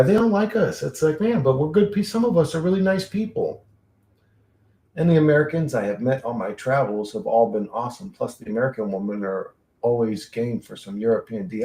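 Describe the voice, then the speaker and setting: Guy on a livestream just rambling and swearing, gravelly voice, roomy echo. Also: mid-range voice, a little mellow. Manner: rambling, profane, reads chat aloud. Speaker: livestream host. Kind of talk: casual livestream chat.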